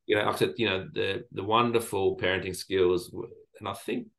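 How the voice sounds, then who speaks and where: A man's voice: deep voice, steady tone, a little fast, creaky, a bit bright. A man from Lebanon, a guest in an interview, telling stories in a reflective way with many fillers and restarts. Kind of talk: casual interview storytelling.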